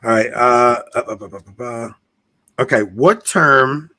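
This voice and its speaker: A man's voice: mid-range voice, unhurried, bright, forceful tone. A man hosting a casual trivia show over a video call, joking and laughing between the questions he reads out. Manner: jokey, laughs often, reads questions aloud. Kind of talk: casual quiz-show banter.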